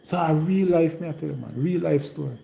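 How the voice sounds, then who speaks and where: A man's voice: fairly high pitch, brisk, vocal fry, warm tone, reverberant, rough recording. A man from Jamaica speaking in a rural Trelawny patois accent, rambling and repeating himself in a casual live-stream monologue. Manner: rambling and repetitive, in heavy patois.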